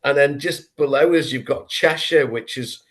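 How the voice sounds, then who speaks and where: A man's voice: mid-range voice, moderate pace, fairly bright tone. A man with a Scouse accent hosting a casual podcast chat, talking with eager enthusiasm. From England. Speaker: podcast host.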